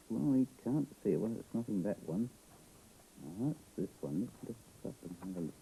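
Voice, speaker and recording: A middle-aged Australian man reads a picture book to small children, his low voice gravelly and a little husky. He plays it up with lively swoops, gasps and exclamations, keeping it playful throughout. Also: a little fast, rough recording. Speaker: children's TV presenter.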